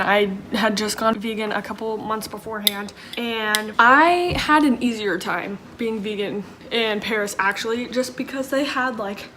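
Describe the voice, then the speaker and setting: A young woman telling stories in a chatty, self-deprecating way while cooking in her kitchen. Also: mid-range voice. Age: young adult. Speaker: vlogger. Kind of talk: casual storytelling vlog. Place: home kitchen. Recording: echoey room, faint background noise.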